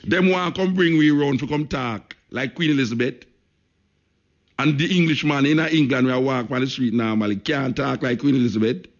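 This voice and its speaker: A Jamaican man with a medium-pitched voice hosts talk radio from the studio at a normal pace. Speaking patois, he's emphatic and keeps repeating phrases for stress, all on a lo-fi broadcast.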